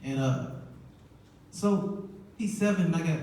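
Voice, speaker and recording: A man in his thirties doing a stand-up comedy set, telling family stories in an animated way and laughing often. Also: on the high side, moderate pace, long pauses. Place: church hall stage. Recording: echoey hall, mic heard from far.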